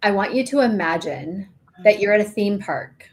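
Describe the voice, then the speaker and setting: A middle-aged podcast co-host leads the listener through a guided imagery story in casual chat, acting out its voices. She speaks animatedly at a moderate pace in a mid-range, darkish voice.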